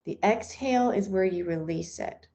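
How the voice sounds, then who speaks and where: A woman's voice: medium pitch, moderate pace, dark tone. A woman leading a guided breathing meditation in an unscripted, soothing way, with occasional fillers and restarts. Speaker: meditation instructor.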